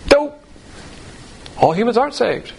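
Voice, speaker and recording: Male Bible teacher, gravelly voice, slightly high, blunt folksy lecturing, rhetorical questions. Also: animated, normal speed, slight background noise, low-quality recording. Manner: acts out quoted voices.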